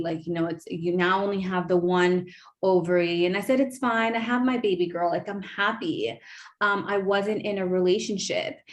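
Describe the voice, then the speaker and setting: A woman in her thirties, a podcast host, telling a personal story in a gushing, animated way with many fillers. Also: on the low side. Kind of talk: emotional casual storytelling.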